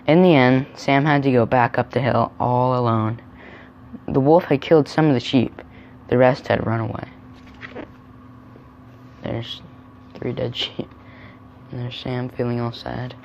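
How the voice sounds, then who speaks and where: Guy reading a picture book to kids, soft chatty asides, kinda muffled with light hiss. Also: medium pitch, fairly even intonation, measured pace, vocal fry, pauses often. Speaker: storyteller.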